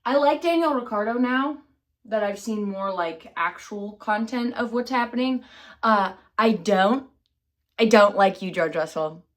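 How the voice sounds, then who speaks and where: Talking at a measured pace in a medium-pitched voice, a woman chats to camera for her vlog. She wanders off-topic often, putting herself down and filling gaps with fillers and restarts.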